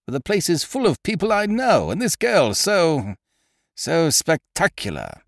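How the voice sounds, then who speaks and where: A man's voice: medium pitch, wildly swooping pitch, normal speed, no echo, studio quality. A man voicing a fussy, anxious young government clerk who talks in a fretful, precise way.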